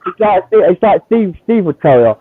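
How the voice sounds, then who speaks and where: A Chelsea-supporting man argues football in heated banter, repeating himself and cutting in. His voice sits high and comes through a thin, tinny phone line with no room sound. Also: normal speed, no room sound. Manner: animated, repeats himself, talks over others. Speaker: guest, Chelsea fan.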